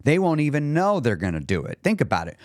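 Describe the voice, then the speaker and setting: A man's voice: a little high, quick pace, no echo, clean studio sound. A man hosting a podcast as a weight loss coach, talking straight to his listeners and acting out the people in his stories. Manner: animated storytelling, acts out quoted characters. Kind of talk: podcast monologue.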